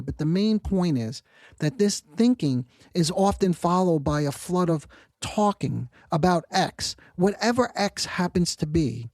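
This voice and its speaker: A man hosting a psychology podcast, giving a measured, reflective monologue about therapy that slows down when he quotes example phrasings. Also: a little high, a little mellow, dry recording. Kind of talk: explanatory monologue.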